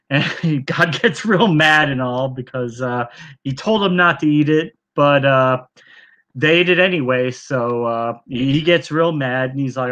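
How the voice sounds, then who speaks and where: A man's voice: mid-range voice, unhurried, fairly bright tone, muffled recording. A man giving a mock-earnest, sarcastic retelling on a livestream, rambling with many fillers.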